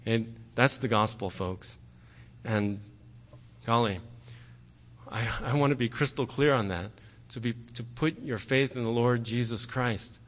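Earnest preacher in a reverberant hall. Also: male voice, medium pitch, unhurried. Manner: earnest, repeats "okay" often, rises in force on key words. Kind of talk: sermon.

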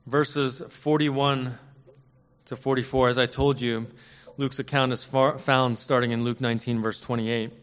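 A man preaching a sermon in an earnest, measured way, leaning on emphatic repetition. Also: medium pitch, little pitch movement, fairly bright tone, smooth. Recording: long hall reverb.

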